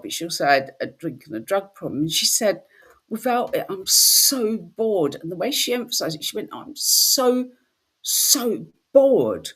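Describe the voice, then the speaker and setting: Husky, animated woman in casual chat. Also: fairly low pitch. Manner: animated storytelling, slips into quoted voices. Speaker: spiritual workshop host.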